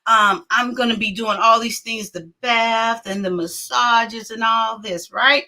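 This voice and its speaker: A middle-aged woman host telling a story in a casual, animated way, laughing often and acting out what people said. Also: fairly high pitch, measured pace. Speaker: talk show host.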